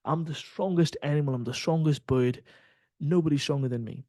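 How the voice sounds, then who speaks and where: A man's voice: on the high side, brisk, warm tone, no echo, lightly acted. A man voicing a boastful, swaggering male chicken who brags and curses in a fable he tells, in a dry close sound. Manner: brash bragging, cursing.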